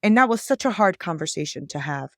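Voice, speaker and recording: A woman life coach as a podcast guest, telling stories in a lively way and acting out the dialogue. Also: on the low side, fast, dry recording, clean studio sound. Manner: animated storytelling, acts out quoted dialogue. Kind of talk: conversational interview.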